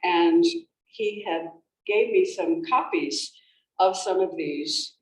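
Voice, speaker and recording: A woman author tells stories to an audience during a library talk in an event room, speaking conversationally with frequent restarts and fillers. Her voice is low-ish, slow and a little mellow. She sits far from the mic, so the recording sounds roomy and distant, with faint background noise.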